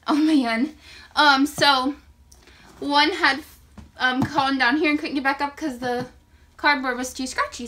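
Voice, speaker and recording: A woman's voice: sits high, fairly even intonation, unhurried, pauses often, sharp tone, slight background noise. A woman chatting casually in a vlog, a little out of breath, cooing to kittens in a sing-song voice between her explanations. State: slightly out of breath. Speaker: kitten foster volunteer. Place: at home with kittens.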